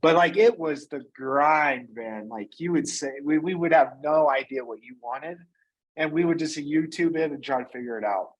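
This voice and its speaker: A man being interviewed as a guest, telling his business story in a casual, energetic way and often tagging on "right?" and "you know". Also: fairly high pitch, normal speed, poor audio. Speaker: guest, company founder and CEO.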